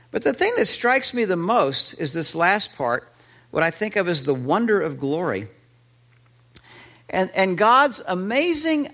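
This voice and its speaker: A man preaching a sermon, animated, with fillers and restarts. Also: high-pitched, gravelly. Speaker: pastor.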